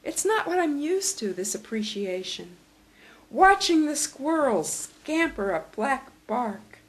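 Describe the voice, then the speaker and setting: An older woman poet giving a poetry reading in a measured, reflective way. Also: medium pitch, low-quality recording. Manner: slow, measured and reflective delivery.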